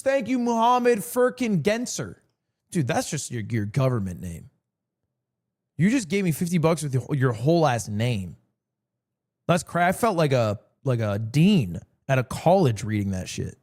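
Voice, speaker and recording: A man streaming live, chatting casually and telling jokey stories with lots of swearing. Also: mid-range voice. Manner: animated, joking storyteller with frequent swearing.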